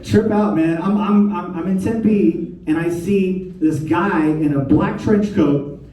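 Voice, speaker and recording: A man's voice: high voice, takes it slowly, warm tone, slight background noise. A young man doing a stand-up comedy set, crude and conversational, full of slang. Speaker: stand-up comic. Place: live comedy show venue. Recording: echoey room mic heard from a distance.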